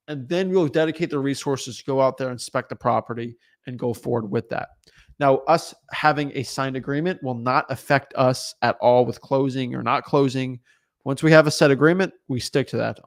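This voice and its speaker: Energetic young man from England, casual coaching talk, voice a bit high. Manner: energetic, acts out seller calls. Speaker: wholesaling coach.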